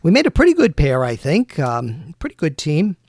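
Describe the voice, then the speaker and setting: A man's voice: a little high, wildly swooping pitch, moderate pace, darkish tone, no echo, clean studio sound. A man voicing an adult male spider-themed medieval hero who is friendly and reassuring. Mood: hopeful.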